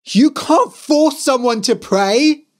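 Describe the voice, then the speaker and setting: A man's voice: fairly high pitch, big pitch swings, takes it slowly, pitched above the performer's own voice, exaggerated voice. A man voicing a defiant boy who insists he is evil, stubborn and sarcastic. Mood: shouting.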